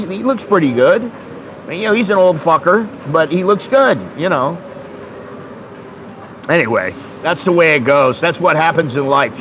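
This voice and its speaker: A man's voice: fairly high pitch, fairly bright tone, slight background noise, rough recording. A man in his sixties from the United States, rambling bluntly and with some swearing in a casual livestream chat. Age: 60s. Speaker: streamer.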